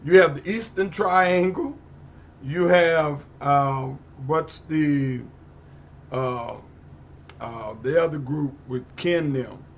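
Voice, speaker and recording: A man, a pastor, speaking on a community panel in a deliberate way, searching for his words as he goes. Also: fairly high pitch. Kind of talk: panel discussion. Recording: muffled audio with faint background noise.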